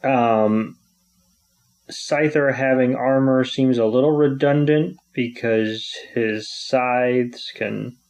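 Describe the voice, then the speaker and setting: A man's voice: medium pitch, slow pace, a little mellow. A man co-hosting a podcast, recapping a cartoon episode in a laid-back, hesitant way with dry asides. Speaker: podcast co-host.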